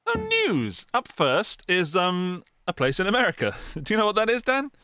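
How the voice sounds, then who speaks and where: A man's voice: high voice, very animated, fairly quick, pushed and bright. A man co-hosting a podcast in casual chat, chatty and enthusiastic, speaking into a studio podcast mic. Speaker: podcast co-host.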